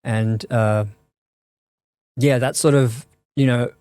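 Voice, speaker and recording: Male guest, mid pitch, monotone delivery, halting and reflective, dry close sound. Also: no room sound. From Australia. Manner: thoughtful, halting, many restarts and fillers. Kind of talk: reflective conversational interview.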